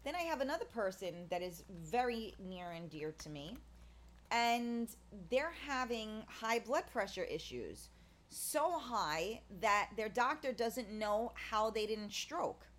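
A woman's voice: mid-range voice, sing-song, takes it slowly, a bit bright. A woman talking in a casual, rambling monologue, full of fillers and restarts, blunt and candid. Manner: candid, blunt, swears in passing.

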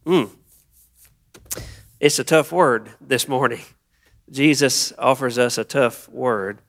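A male pastor preaching a sermon in a church, leading prayer and reading scripture in a slow, earnest way. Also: mid-range voice, vocal fry.

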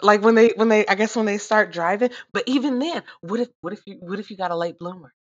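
Animated, foul-mouthed woman chatting. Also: mid-range voice, quick pace, highs cut off, crowd noise. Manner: animated, swearing, laughing often. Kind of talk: casual profane chat.

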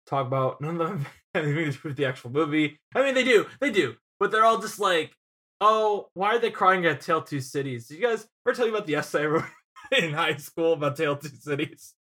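A man's voice: on the high side, animated, fast talker, pushed and bright. A young man co-hosting a casual film podcast, telling rambling stories and laughing as he goes. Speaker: podcast co-host.

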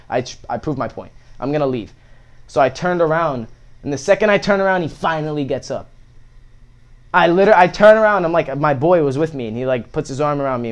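A young man telling a story in casual chat, swearing a lot and acting out the lines of the people in it. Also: a little high. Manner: profane, animated, acts out quotes.

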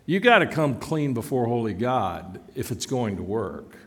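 Slow-preaching man in a reverberant hall. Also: medium pitch, big pitch swings, fairly bright tone. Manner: earnest preaching, rising to emphatic declarations. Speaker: pastor. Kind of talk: sermon.

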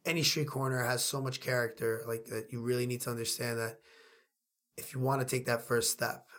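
Rambling and repeating himself, a New York-accented man from Queens co-hosts a podcast with excitable, casual chatter. His voice sits at medium pitch and moves a little fast.

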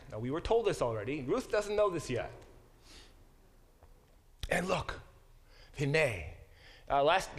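A middle-aged man with a slightly high, somewhat bright voice teaches a Bible study class. He reads scripture aloud, pauses to explain Hebrew words, and frequently corrects himself along the way.

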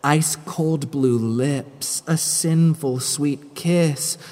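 Woman storyteller, very slow and sing-song, heard with a long hall-like reverb. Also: rumbling low, expressive, a little mellow. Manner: dramatic, sing-song rhyming delivery. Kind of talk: rhyming spooky story reading.

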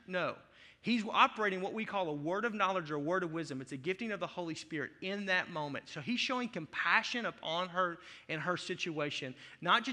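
A man's voice: high voice, bright, forceful tone, big-room sound. A male pastor preaching a sermon in an emphatic, conversational way, with playful asides.

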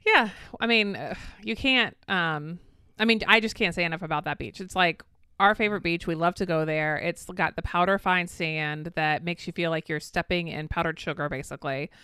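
A woman co-hosting a podcast in upbeat, casual chat. Her voice sits a little low but has a bright, very crisp tone. The sound is dry and close. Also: moderate pace, dry recording. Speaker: podcast co-host.

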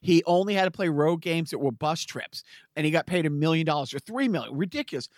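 Rambling, laughing man with a high voice. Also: lively intonation, quick pace, no echo, studio quality. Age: 40s. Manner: rambling, laughs often, many restarts. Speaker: podcast co-host. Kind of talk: casual chat.

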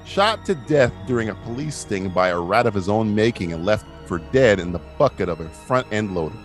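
A man's voice: lowish voice, very animated, a little fast, soft background music. A man hosting a casual movie quiz podcast, reading out clues, swearing and laughing often. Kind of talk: casual chat.

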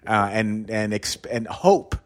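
A man hosting a casual conversation who speaks reflectively, in quick bursts. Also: on the low side, lively intonation.

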